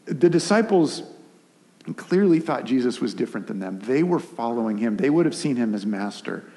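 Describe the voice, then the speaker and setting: A man's voice: medium pitch, moderate pace. Man preaching in a reverberant hall. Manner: conversational, animated retelling with voiced asides. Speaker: pastor. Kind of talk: sermon. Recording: long reverb of a large hall.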